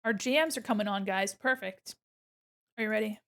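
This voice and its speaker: This casual art livestream features a woman with a mid-range, creaky, slightly bright voice at a moderate pace. She jokes around with viewers while working, humming and singing to the music.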